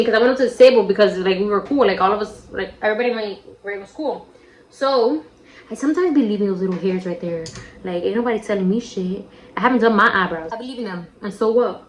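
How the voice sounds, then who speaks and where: A young woman telling a childhood story in a casual, slangy way while doing a makeup tutorial, shrieking when she quotes her friends. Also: a little high. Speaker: makeup vlogger. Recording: roomy echo.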